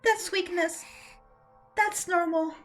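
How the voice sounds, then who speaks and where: A woman's voice: very high voice, fairly even intonation, takes it slowly, fairly bright tone, soft background music. A woman streamer reading video game dialogue aloud, dramatic and emotional, close to tears.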